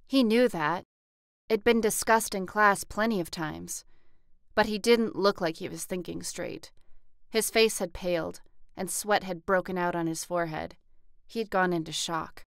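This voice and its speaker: A woman narrating a first-person audiobook with a close studio mic, acting out the dialogue by shifting her pitch and loudness. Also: unhurried, vocal fry, smooth, no room sound.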